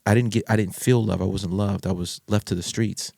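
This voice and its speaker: A middle-aged man, a podcast guest, candidly telling a personal story in an animated way and stopping to restart his sentences. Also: fairly low pitch, fairly quick, gravelly, dry recording, studio quality. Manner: animated, acts out others' voices, frequent restarts.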